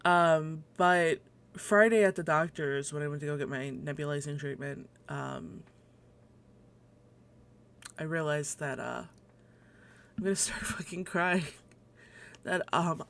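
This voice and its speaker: A woman's voice: low-pitched, fairly bright tone. A young adult woman hosting a casual solo livestream at home, rambling and swearing, laughing often, a little short of breath. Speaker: livestream host.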